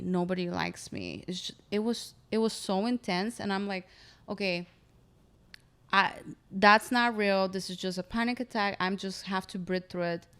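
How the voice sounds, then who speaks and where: Woman, lively storyteller, smooth clear voice, mid pitch. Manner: animated, acts out quotes. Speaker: comedian guest. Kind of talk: casual storytelling chat.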